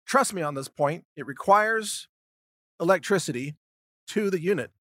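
A man's voice: high voice, expressive, moderate pace, fairly bright tone, no room sound, studio quality. A man hosting a solo commentary monologue, talking in an indignant, sarcastic way and acting out mocking imagined exchanges. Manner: indignant, sarcastic, acts out mocking hypothetical dialogues. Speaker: commentary podcast host.

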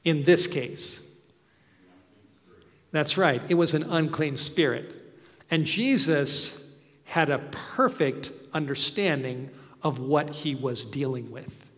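A man preaching a sermon, telling the story slowly and earnestly with soft asides. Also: fairly high pitch. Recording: long hall reverb.

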